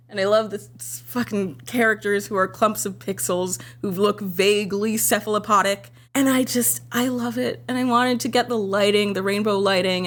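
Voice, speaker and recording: A young woman giving casual director's commentary on her own video, gushing and excitable, swearing often and jumping up into squealing highs when she gets passionate.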